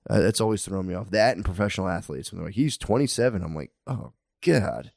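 A man's voice: low-pitched, fast talker, gravelly, darkish tone, no echo, clean studio sound. A man in his thirties chatting casually as a podcast co-host, rambling and swearing, often laughing at his own stories. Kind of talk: casual chat.

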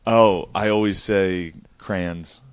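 A man's voice: fairly low pitch, brisk. A young man from northern Pennsylvania with a western Pennsylvania accent, trading laid-back, self-mocking banter with plenty of swearing. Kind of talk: casual chat. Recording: dry dull lo-fi audio.

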